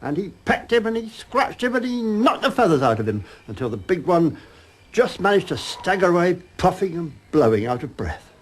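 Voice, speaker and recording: Lively old storytelling grandpa. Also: male voice, high voice, normal speed. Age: older. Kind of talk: storytelling to a child.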